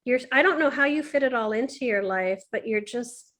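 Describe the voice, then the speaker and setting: A woman hosting an interview, affirming her guest and talking in quick bursts. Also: on the high side, a bit bright. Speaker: podcast host. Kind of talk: casual interview chat.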